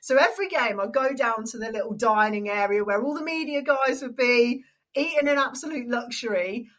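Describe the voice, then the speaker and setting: A young adult woman with an English accent, a stadium announcer and radio presenter telling an animated story in an interview. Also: fairly high pitch, normal speed, rough recording. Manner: animated storyteller, acts out quoted voices.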